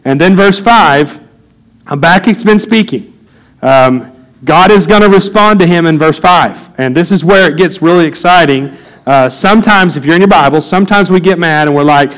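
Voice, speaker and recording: A man's voice: on the high side, normal speed, poor audio. Earnest male pastor preaching a sermon. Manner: earnest, builds to loud excited preaching.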